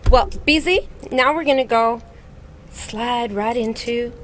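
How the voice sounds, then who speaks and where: A woman's voice: on the high side, slow pace, slight background noise. Bubbly woman talk-show host. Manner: bubbly, enthusiastic. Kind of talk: casual interview chat.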